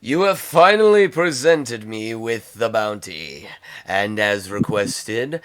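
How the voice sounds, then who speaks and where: A man doing a deep, slow alien crime lord. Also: animated, clear, resonant tone, rough recording. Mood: gloating. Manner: low, quiet and drawn-out. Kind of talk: tabletop game role-play.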